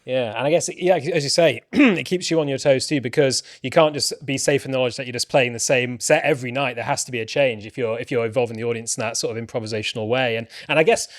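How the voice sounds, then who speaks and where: A man's voice: medium pitch, fast talker, hardly any pauses, no room sound, clean studio sound. A man hosting a podcast interview, asking long, rambling questions in a friendly, casual way. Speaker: podcast host.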